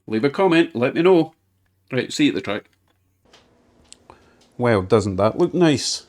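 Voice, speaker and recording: A man's voice: mid-range voice, lively intonation, a little slow, darkish tone. A man hosting his model railway channel, giving casual, enthusiastic commentary that pokes fun at himself as he runs a model train around his layout at home. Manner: chatty, enthusiastic, lightly self-mocking.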